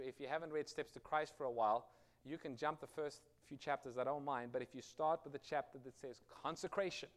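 A middle-aged man preaching a sermon, reading scripture with rising force and telling a personal story. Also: on the high side. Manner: earnest storytelling preacher, rises loud on quoted scripture. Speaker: pastor.

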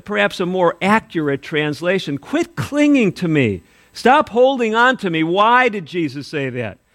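Lively, high-voiced male preacher. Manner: preaching with dramatic rises and drops, quoting scripture. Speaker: pastor. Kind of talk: sermon.

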